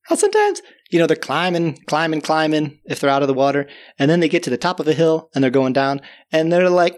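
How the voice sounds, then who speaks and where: Guy telling a story, chatty and animated, voice going up and down a lot. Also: a little high, quick pace. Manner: animated, conversational, chuckling. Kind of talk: spoken storytelling.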